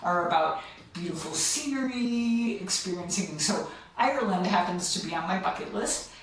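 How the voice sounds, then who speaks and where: A middle-aged woman chatting as a guest, eager and quick to laugh, with sentences that drift off. Her voice sits far from the mic in a very echoey room. A faint hiss runs underneath. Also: lowish voice, lively intonation. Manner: enthusiastic, laughs often, trails off mid-sentence. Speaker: podcast guest. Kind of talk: casual chat.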